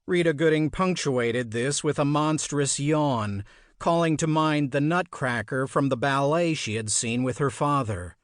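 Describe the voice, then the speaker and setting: A man narrating an audiobook in a measured, expressive storytelling manner. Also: fairly high pitch, no room sound, clean studio sound. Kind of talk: scripted narration.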